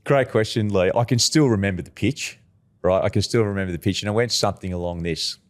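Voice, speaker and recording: A middle-aged Australian man, a recruitment agency founder, telling animated stories as a podcast guest, slowing down to stress key points. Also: on the low side. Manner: animated storyteller, emphatic, slows down for key points. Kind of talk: podcast interview.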